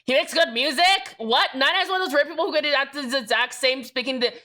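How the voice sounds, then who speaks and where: This young streamer speaks fast, addressing her live chat in a loud, jokey ramble full of excitement. Her slightly high voice carries a sharp, forceful edge.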